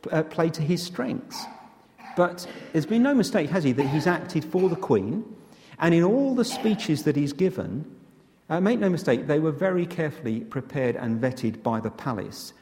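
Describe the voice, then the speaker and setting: Preacher in a reverberant church. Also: male voice, medium pitch, darkish tone. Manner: earnest, measured preaching with rhetorical questions. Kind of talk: sermon. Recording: long hall reverb.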